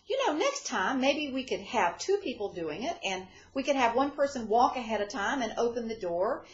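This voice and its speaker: A woman's voice: on the high side, big pitch swings, moderate pace, roomy sound. Brief: a helpful, instructive organizer, voiced by a woman, on a dull lo-fi recording.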